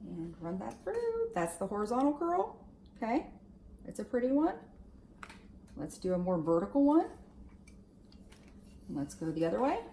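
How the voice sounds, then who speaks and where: A woman at a styling station gives a relaxed hair tutorial, her speech loose and full of "like" and "okay". Her pitch sits right in the middle, and the room gives her voice a noticeable echo, with a faint hiss underneath. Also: normal speed, long pauses. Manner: chatty, lots of fillers like "like" and "okay". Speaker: hair stylist demonstrating on a wig. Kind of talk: casual tutorial talk.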